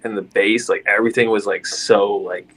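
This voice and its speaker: A man's voice: on the low side, steady tone, normal speed, a bit bright, breathy edge. A young man co-hosting a podcast in casual chat, earnest and rambling with lots of fillers.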